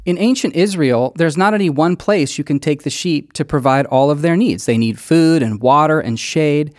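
A man's voice: on the high side, normal speed, dry recording, clean studio sound. A man preaching a sermon in a conversational, earnest way, with emphatic stresses as he works through a passage. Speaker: pastor.

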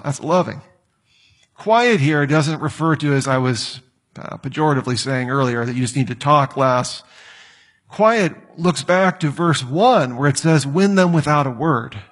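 Male pastor, sermon, fairly high voice, lively with humorous asides. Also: husky. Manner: lively, joking asides and quoted scripture.

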